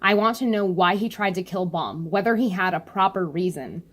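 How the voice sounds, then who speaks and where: A woman's voice: fairly low pitch, moderate pace, close to an everyday voice. A woman doing a proud young princess voice. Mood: defiant. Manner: read-aloud comic dub, earnest. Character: proud determined young princess, defiant and calm.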